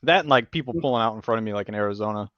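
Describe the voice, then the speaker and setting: A man hosting a podcast, telling stories in casual chat, animated and profane, acting out what people said. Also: on the low side, racing, no room sound, lo-fi sound. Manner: animated storyteller, swears a lot, acts out quotes. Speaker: podcast host.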